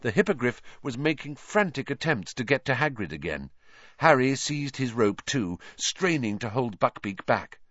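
A male audiobook narrator with a mid-pitched voice that rises and falls in a lively, animated storytelling style. The recording is dry and close, with a slightly dull, muffled top end. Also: normal speed, dry recording. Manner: expressive, animated reading.

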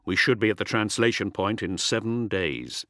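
A man's voice: lowish voice, animated, pushed and bright, dry recording, studio quality. A man playing a stern warlord commander. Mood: commanding. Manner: firm, measured commands.

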